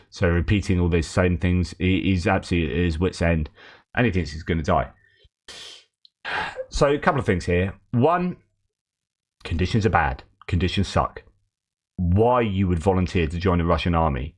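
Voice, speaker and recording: A male host gives spoken news commentary in a fairly low voice. His delivery is wry and openly sarcastic. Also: expressive, moderate pace, long pauses.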